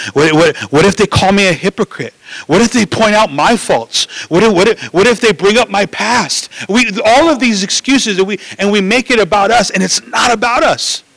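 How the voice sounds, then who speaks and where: High, gravelly-voiced man preaching. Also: normal speed, no room sound, rough recording. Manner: animated preaching, acts out voices, many restarts and "right?". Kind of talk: sermon.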